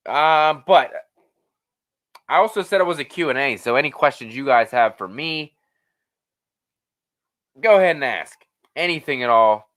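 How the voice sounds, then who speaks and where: A man's voice: medium pitch, moderate pace, pauses often. A man hosting a casual live-stream Q&A, rambling and swearing freely as he reads the chat. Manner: rambling, profane, animated.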